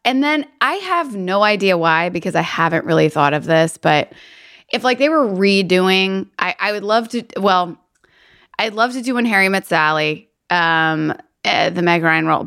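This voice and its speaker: A woman's voice: on the low side, fairly bright tone. A woman from Kentucky with a light Southern accent, co-hosting a podcast in casual, hesitant chat full of fillers. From Kentucky, USA. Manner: chatty, hesitant, many fillers and restarts. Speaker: podcast co-host, actress.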